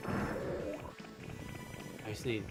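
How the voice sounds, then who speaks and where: A man's voice: lowish voice, level tone, extremely slow, vocal fry, loud music behind the voice. A man hosting a let's play, commenting on his gameplay in an exasperated way and swearing often. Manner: exasperated, swearing, frustrated ranting.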